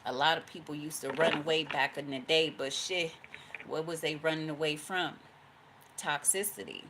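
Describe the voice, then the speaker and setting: A woman with a notably low voice gives a casual tarot reading, swearing freely and spinning the cards into stories. She slips into the voices of the people she describes and laughs along the way. There is a faint hiss of noise under her voice. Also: fairly even intonation, moderate pace. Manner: profane, storytelling, acts out quoted voices, laughs often. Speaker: tarot card reader.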